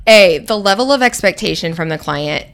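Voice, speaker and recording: A woman co-hosting a casual podcast chat, talking freely with lots of fillers and lively asides. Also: lowish voice, moderate pace, vocal fry. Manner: conversational, filler-heavy, animated asides. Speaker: podcast co-host.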